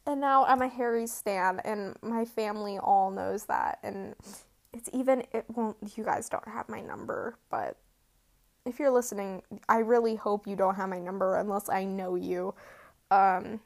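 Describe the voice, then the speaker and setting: A woman's voice: medium pitch, little pitch movement, a little slow, creaky, darkish tone. A teenage girl chatting on her own podcast, rambling and giggly with lots of "like" and "um", sleepy and yawning. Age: teens. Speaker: podcast host. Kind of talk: casual solo podcast chat.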